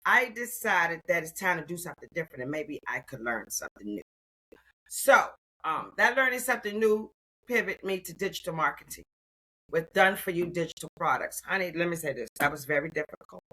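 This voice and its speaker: A woman in her sixties telling her story as an interview guest, expressive and calling the listener "honey.". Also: on the low side, brisk, low-quality recording. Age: 60s. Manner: expressive, warm endearments like "honey". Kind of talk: animated personal storytelling.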